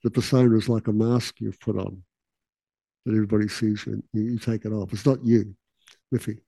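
Relaxed man, mellow voice. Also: lowish voice, a little fast, creaky, husky, dry recording, low-quality recording. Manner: relaxed, laughing asides, acts out quotes. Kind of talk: casual teaching talk.

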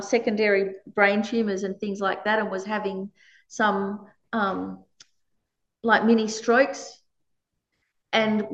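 A woman's voice: medium pitch, echoey room, highs cut off. A woman giving a conversational dharma talk as a meditation teacher. She laughs often while she teaches.

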